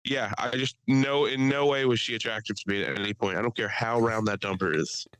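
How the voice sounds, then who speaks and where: Profane, animated man chatting on a podcast. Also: mid-range voice, a little fast, clean tone, dry recording, low-quality recording. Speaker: podcast co-host. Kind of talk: casual chat.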